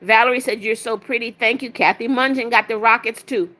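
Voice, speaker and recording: This livestream host speaks a little fast in a higher, bright, forceful voice with fairly even intonation. During her casual stream she reads chat comments aloud and gives blunt, sassy replies.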